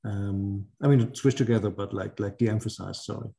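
A man's voice: fairly low pitch, fairly even intonation, normal speed, gravelly, warm tone. A man leading a reading group discussion, thinking aloud and often correcting himself.

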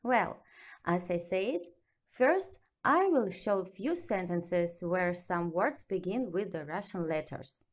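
A woman teaching a reading lesson, saying each word slowly and clearly with a lively, patient delivery. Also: fairly low pitch. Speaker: Russian language teacher. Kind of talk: slow, deliberate reading lesson.

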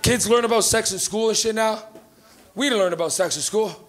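A man's voice: sits high, brisk, noisy background. A Canadian man in his thirties doing stand-up on a club stage, telling stories full of swearing and laughing at his own jokes. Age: 30s. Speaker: stand-up comedian. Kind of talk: stand-up comedy set. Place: comedy club stage, live audience.

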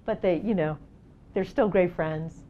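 A woman's voice: lowish voice, unhurried, muffled recording, a little hiss or hum. A middle-aged woman, a documentary photographer, telling stories in a casual seminar talk, full of "like" and "you know" and acted-out quotes. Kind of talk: casual storytelling presentation. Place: seminar event space.

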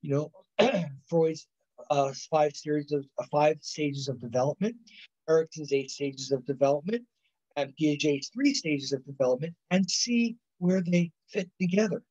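A man's voice: fairly high pitch, normal speed, a little mellow. Man lecturing over a dull call line. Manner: rambling, self-correcting, frequent "right?" and "you know". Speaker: college psychology instructor. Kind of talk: recorded online lecture. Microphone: video call. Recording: dull lo-fi video call audio.

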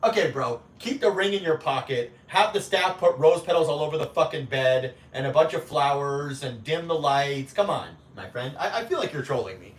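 A man's voice: fairly high pitch, expressive, normal speed, hardly any pauses, far from the mic. Joking, foul-mouthed man streaming live. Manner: profane, teasing, jokey banter with frequent laughter. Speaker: livestream host. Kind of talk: casual livestream chat reading viewer comments. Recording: roomy echo, off-mic, faint background hum.

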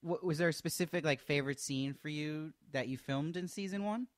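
A man's voice: on the high side, brisk, no room sound, studio quality. A man hosting an interview, asking questions in a friendly, casual way with lots of short agreements. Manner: friendly, lots of mm and yeah backchannels. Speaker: interview host.

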